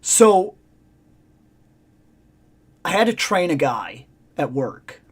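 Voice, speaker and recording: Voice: medium pitch, big pitch swings, slightly rough. A podcast co-host in casual chat, telling long rambling stories and stretching words for emphasis. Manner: rambling storyteller, drawn-out emphasis.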